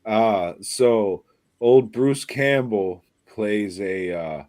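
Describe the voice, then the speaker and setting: A man's voice: lowish voice, drawn-out words, darkish tone, no room sound. A man co-hosting a podcast, rambling and crude in casual chat about a movie. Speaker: podcast co-host.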